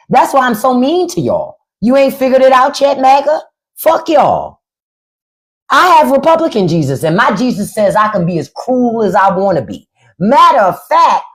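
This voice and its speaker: Blunt, sarcastic woman with a lively pitch. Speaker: livestream and podcast host. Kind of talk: unscripted livestream commentary.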